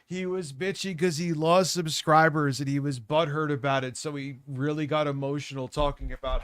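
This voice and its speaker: A man's voice: on the high side, steady tone, normal speed, few pauses, fairly bright tone, clear, resonant tone, no echo. A man streaming and reacting to clips, sarcastic and profane, talking close to a dry mic.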